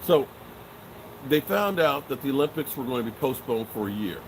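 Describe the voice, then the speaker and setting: At a normal speed and in a mid-range voice, a middle-aged man runs a sports live stream and banters with the chat. His style is casual, joking, and animated, with frequent swearing and trailing off, over background noise.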